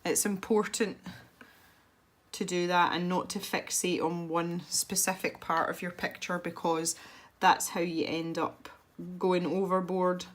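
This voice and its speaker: A woman's voice: on the low side, little pitch movement, a little slow. A woman talking casually as she colours, giving chatty tutorial tips in a self-deprecating way.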